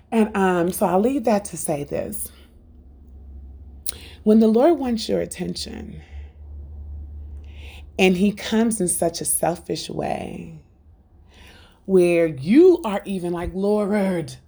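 A middle-aged woman talking through her faith podcast with a gravelly, husky voice. She tells stories in a loose, animated way and breaks into laughter between her thoughts. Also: fairly low pitch, slow, long pauses. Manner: animated storytelling, acts out family dialogue. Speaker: podcast host. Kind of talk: unscripted faith podcast talk.

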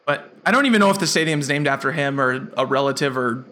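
A man co-hosting a podcast, chatting casually and teasing his co-host, with quick laughs. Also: mid-range voice, expressive, bright, forceful tone, a little hiss or hum. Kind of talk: casual chat.

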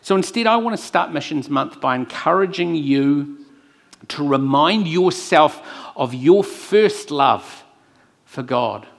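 A man preaching a sermon and telling a personal story, earnest, moving between hushed lines and emphatic ones. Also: a little high, animated, slow pace. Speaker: pastor.

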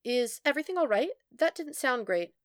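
A woman voicing a harried young woman office worker, apologetic and rushed, in a storybook reading. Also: high-pitched, lively intonation, clear, resonant tone, no room sound, studio quality, voice pushed up. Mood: rattled.

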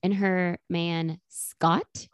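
A woman's voice: fairly low pitch, level tone, very slow, clear, resonant tone, no room sound, clean studio sound. A woman co-hosting a casual chat, recapping a sitcom episode and quoting the characters in little voices. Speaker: podcast co-host.

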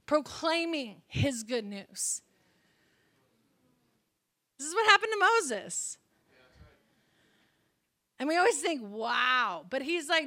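A woman with a high, bright voice preaches in a prayer room. She tells her stories with animated energy and laughs often between lines. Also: slow, long pauses. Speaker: guest speaker. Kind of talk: sermon.

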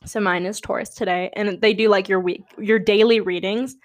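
A woman's voice: medium pitch, fairly even intonation, normal speed. A young woman hosting a podcast, talking casually on her own in a chatty, rambling way with dramatic asides. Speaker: podcast host. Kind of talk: casual solo chat.

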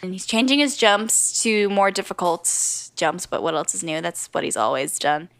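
A woman co-hosting a podcast, recapping an anime episode in casual chat, animated and quick to laugh and quote characters. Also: lowish voice. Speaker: podcast co-host.

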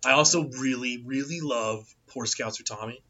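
Bright-toned chatty male podcast host. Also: mid-range voice, normal speed, dull audio. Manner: loud chant singing, animated storytelling. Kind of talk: casual chat.

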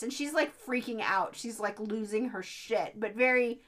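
A woman's voice: fairly high pitch, moderate pace, fairly bright tone. A woman in casual chat, retelling a film's plot and acting out the characters' lines. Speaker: podcast co-host. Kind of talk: casual chat recapping a film.

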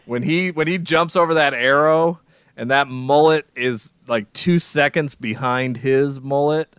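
A man co-hosting a podcast, chatting casually about films in a rambling, animated way with lots of restarts. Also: on the high side, a little slow, smooth, no room sound, clean studio sound. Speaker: podcast co-host. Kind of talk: casual film chat.

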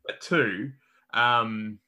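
A man's voice: medium pitch, extremely slow, pushed and bright, dull audio. A young Australian man co-hosting a podcast, chatting casually and bluntly about sport, with a bit of swearing and lots of restarts. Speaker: podcast co-host.

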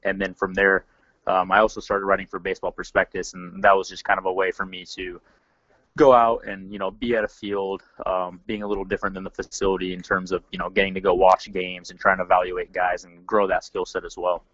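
A man's voice: low voice, fairly quick, dry recording, highs cut off. A man from Seattle, a podcast guest, talking casually with lots of "you know" and "um". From Seattle, Washington. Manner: relaxed, many fillers like "you know" and "um". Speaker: interview guest. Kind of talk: casual interview.

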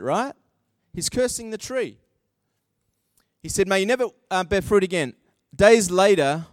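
Male pastor, high and lively delivery, dry close sound, sermon. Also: clean tone, no room sound. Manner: animated, acts out quoted voices, self-deprecating asides.

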